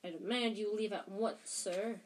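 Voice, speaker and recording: Storybook bully-uncle, middle-aged and pompous, read by a woman; blustering, indignant, pushed loud. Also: mid-range voice, steady tone, unhurried, slight background noise, natural voice. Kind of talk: audiobook character voice.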